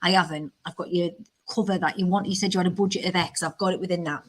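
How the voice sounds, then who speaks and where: A British woman with a fairly low voice chats frankly about her clients as a broker. She talks in an animated, outspoken way and often jumps up in pitch when she wants to stress something. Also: quick pace. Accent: British English. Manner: animated, frank and talkative, voice jumping up when emphatic. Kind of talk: casual podcast chat.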